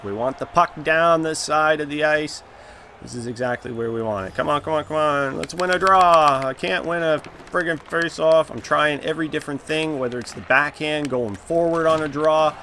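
A man's voice: a little high, normal speed, pushed and bright, slight background noise. A man giving live commentary on his own video game, groaning and exclaiming as the plays go for and against him. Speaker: gaming YouTuber.

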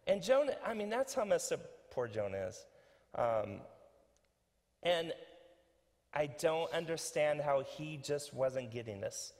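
A pastor giving a conversational, animated sermon with many fillers and restarts. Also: male voice, on the high side, unhurried, long pauses, in a large hall. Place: church sanctuary.

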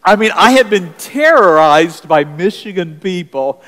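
A man's voice: high-pitched, lively intonation, a little slow, a bit bright, big-room sound. A middle-aged man with a Southern US accent, preaching as senior pastor, reading scripture and telling folksy stories. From South Carolina, US. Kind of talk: sermon.

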